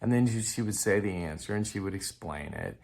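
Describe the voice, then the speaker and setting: A man's voice: lowish voice, expressive, brisk, vocal fry, darkish tone. A man from Texas, explaining language-learning methods in a casual, conversational way to his viewers. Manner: conversational, with restarts and chuckles. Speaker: Spanish learning coach. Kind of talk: casual explanatory talk to camera.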